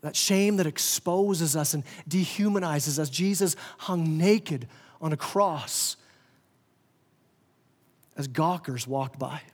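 A male pastor preaching a sermon with passion, swelling loud and dropping soft, often restarting his words. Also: fairly high pitch, slow, pauses often, long reverb tail. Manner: impassioned, rising and falling in volume, stammering restarts. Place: church sanctuary.

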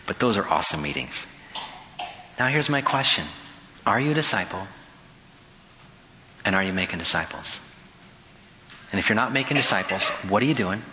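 A man's voice: fairly low pitch, sharp tone, echoey room, long reverb tail. A man preaching as a pastor, telling a story in a conversational way and acting out the dialogue. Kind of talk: sermon.

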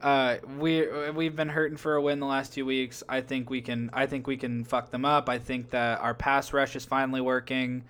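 A man's voice: mid-range voice, level tone, moderate pace, hardly any pauses, clear, resonant tone. A young man co-hosting a casual sports chat, hesitant and rambling as he talks his picks through. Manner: rambling, hesitant, thinks out loud with fillers. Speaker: podcast co-host making picks.

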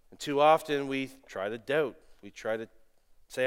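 A middle-aged man preaching a sermon, animated, moving between loud exclamations and quiet asides, telling stories with self-deprecating humor. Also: medium pitch, moderate pace, clean tone. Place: church sanctuary. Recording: long reverb of a church hall.

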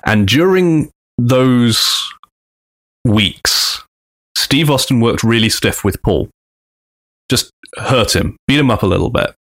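A man's voice: mid-range voice, slow, long pauses. A man co-hosting a podcast, telling a story casually and acting out the quotes. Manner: animated, acts out quotes in big voices. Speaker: podcast co-host.

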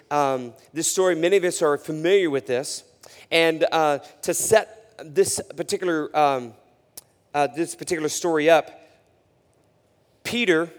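A man preaching a sermon as pastor, conversational with frequent fillers and self-corrections, swinging between loud emphasis and hushed delivery. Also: fairly high pitch, in a large hall.

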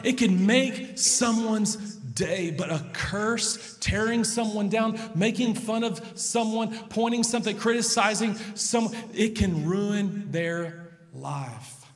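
A man in his thirties preaching in a sanctuary, with a fairly high voice. He tells stories and swings from hushed lines to loud ones. His words ring out with a long hall reverb. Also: unhurried. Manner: storytelling, swings between soft and loud emphasis. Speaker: pastor. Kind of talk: sermon.

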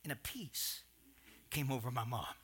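A man in his sixties preaching a sermon, telling stories in a rambling, animated way with asides and restarts. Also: mid-range voice, unhurried, slight background noise. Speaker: pastor. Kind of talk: sermon storytelling.

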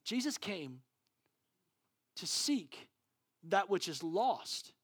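Animated high-voiced male pastor. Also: very slow, husky, no room sound, clean studio sound. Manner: animated storytelling, acting out dialogue loudly; casual, slangy preaching with fillers. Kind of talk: sermon.

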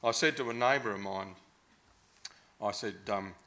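A man's voice: lowish voice, normal speed, pushed and bright. Rambling Australian man telling a story. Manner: rambling, hesitant with many fillers. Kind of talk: casual anecdotal storytelling.

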